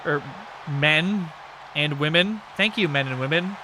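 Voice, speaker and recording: A man hosting a live stream, giving casual commentary on a wrestling game with excitable, crude joking. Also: fairly high pitch, unhurried, background noise. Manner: excitable, crude and joking, yelps at big moves.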